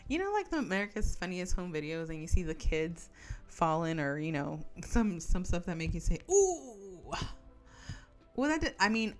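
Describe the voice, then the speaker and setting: A woman's voice: on the low side, big pitch swings, a little fast, faint music behind. A young woman hosting a casual crafting chat, rambling through stories and giggling often. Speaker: crafting channel host. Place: home craft table.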